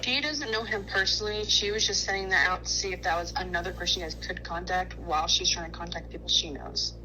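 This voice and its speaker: A woman's voice: fairly low pitch, fairly even intonation, fast talker, bright, forceful tone, a little hiss or hum. A woman on a phone call, speaking hesitantly and growing defensive. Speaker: caller.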